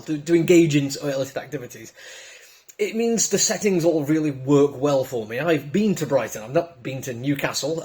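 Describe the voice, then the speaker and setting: A man's voice: medium pitch, a little mellow. A man with a southern English accent giving a casual, enthusiastic comic book review full of chatty asides. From Britain.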